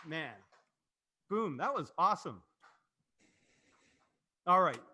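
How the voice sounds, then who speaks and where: A man's voice: fairly high pitch, very animated, slow pace, bright, forceful tone, a little hiss or hum. A man hosting a casual marketing livestream, rambling and cutting himself off, laughing easily. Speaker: host and agency president.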